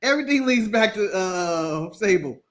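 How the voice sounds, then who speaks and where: A man's voice: sits high, moderate pace. A man from the United States co-hosting a podcast, chatting casually and joking with frequent laughter. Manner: animated, joking, laughs often. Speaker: podcast co-host. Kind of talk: casual watch-along chat.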